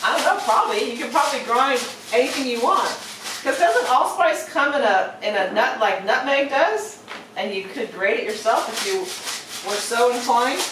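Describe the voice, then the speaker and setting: Woman, cooking show host, chatty, playful, slightly high voice, echoey kitchen, mic set back. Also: expressive, normal speed, recorded from a distance, background noise. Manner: chatty and playful, narrates steps aloud. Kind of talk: casual cooking demonstration.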